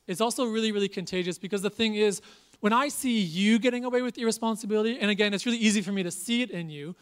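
A young man preaches a sermon from a church stage, his voice high for a man and smooth. He is earnest and animated, repeats phrases for emphasis, and drops in self-deprecating jokes. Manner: preaches with lots of repetition. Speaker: pastor.

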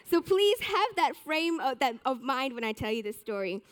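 Young woman, high voice, sermon, animated storytelling, self-mocking. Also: moderate pace. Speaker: church speaker.

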